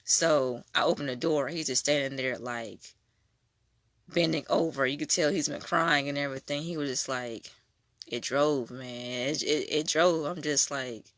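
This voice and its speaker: A young adult woman giving a casual spoken faith testimony, telling her story in an animated way. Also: very deep voice, measured pace, dry recording. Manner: animated storytelling, acting out quoted voices.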